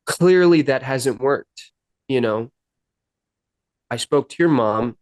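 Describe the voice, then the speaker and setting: A man's voice: mid-range voice, takes it slowly, pauses often, a little mellow, no echo. A man, a podcast guest and musician, earnestly retelling his recovery story in a sit-down interview, acting out the dialogue and near tears at times.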